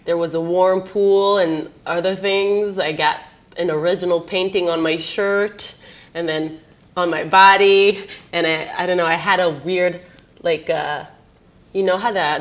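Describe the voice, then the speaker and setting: A woman's voice: lowish voice, fairly even intonation, a little slow, a bit bright. Giggly woman in her thirties, rambling. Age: 30s. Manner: rambling, giggly, laughs often. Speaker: interviewee. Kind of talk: candid personal storytelling.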